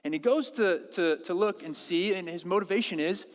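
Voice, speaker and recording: A man preaching a sermon as pastor, animated and acting out quoted prayers with halting restarts. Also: high-pitched, long reverb tail. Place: church service.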